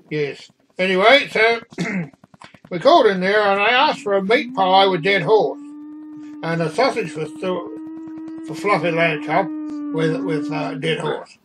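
A man's voice: high voice, noisy background. A man telling a rambling comic story, exasperated and meandering. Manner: meandering, exasperated, doing the other people's voices.

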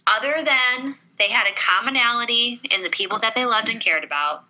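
A woman's voice: fairly high pitch, brisk, bright, forceful tone, rough recording. A woman co-hosting a casual book review podcast, critical and sarcastic, acting out the characters.

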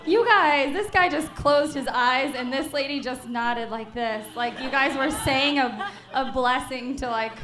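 A woman's voice: high voice, unhurried, few pauses, background noise. A woman from Chicago performing a stand-up comedy set in a comedy club, teasing the audience. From Chicago, USA. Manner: crowd work, teasing the audience. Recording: roomy club recording.

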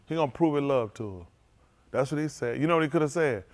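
A man preaching a sermon with a conversational, street-plain way of talking. His voice drops to low, quiet asides, then climbs high and loud when he gets worked up. His pitch sits in the middle range for a man. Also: animated, fast talker. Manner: speaks in informal, vernacular English. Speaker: pastor.

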